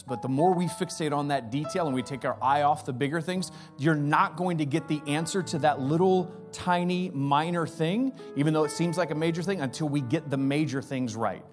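A man in his forties preaching a sermon as pastor, energetic and acting out the voices he quotes. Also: a little high.

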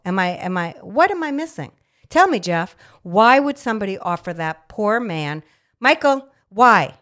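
A woman's voice: a little high, normal speed. Middle-aged nurse lady hosting a podcast, fired up, swearing, voice jumping all over. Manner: animated, swears, rants with exaggerated indignation. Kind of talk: casual podcast chat.

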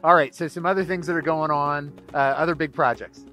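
A man's voice: on the high side, steady tone, fairly quick, sharp tone. Civic update lead, male, upbeat and promotional, faint music under him. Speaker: city leader hosting the update.

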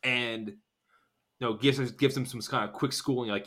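Man, podcast co-host, casual chat, rambling, acts out quoted lines, mid-pitched voice. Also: steady tone, a bit bright. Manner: rambling, acts out characters' lines in quick bursts. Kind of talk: casual chat recapping a TV episode.

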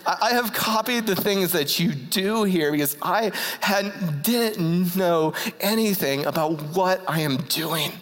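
A man preaching a sermon, often halting and repeating words as he starts a phrase. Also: sits high, a bit bright. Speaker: pastor. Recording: church hall reverb.

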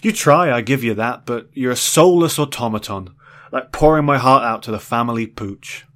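A man's voice: mid-range voice, normal speed, fairly bright tone, lightly acted. A man voicing a drunk, weepy middle-aged former space explorer who rambles drowsily with slurred speech. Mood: mournful.

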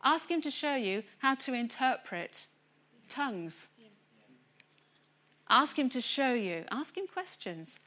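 A woman preaching a sermon to a church congregation, earnest and building to excited emphasis. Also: high-pitched, slow. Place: church gathering room.

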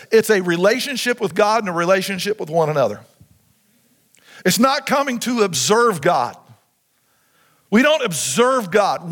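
A pastor preaching a sermon in a high, lifted voice. He keeps turning to the congregation with questions and prompts. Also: a bit bright. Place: church sanctuary.

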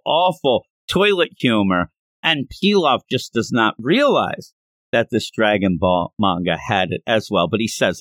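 Animated man retelling a comic. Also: fairly low pitch, dry recording. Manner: animated, chatty, amused. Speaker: podcast host. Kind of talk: manga reading and commentary.

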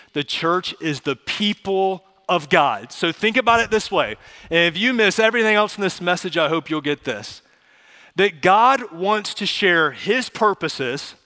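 A man preaching a sermon as pastor, earnest and pleading, slowing down for emphasis. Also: fairly high pitch, sharp tone. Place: church sanctuary. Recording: long church hall reverb.

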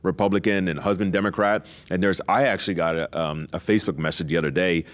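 A man's voice: low-pitched, fairly even intonation. A man co-hosting a podcast in casual discussion, affirming often and asking questions with fillers. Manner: affirming, quick to say amen and wow. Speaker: podcast co-host.

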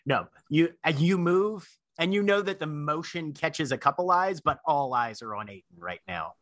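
A man running a tabletop game as storyteller, narrating scenes in a measured, descriptive way. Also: a little high, lively intonation, a bit bright, no echo.

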